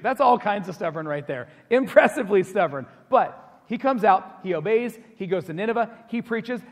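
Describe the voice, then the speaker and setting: Guy pastor preaching, chatty and animated, slightly high voice, big echoey church. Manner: animated, conversational, acts out quoted voices. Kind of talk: sermon. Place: church sanctuary. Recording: long church hall reverb.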